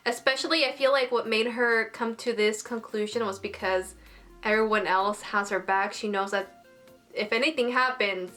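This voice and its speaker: A young woman reviewing an anime episode in casual, animated chat, swearing now and then. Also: on the high side, normal speed, soft background music.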